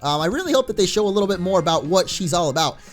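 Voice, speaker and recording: A man hosting a let's play, giving casual gameplay commentary in a chatty, excitable way and laughing often. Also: high voice, very fast, soft background music.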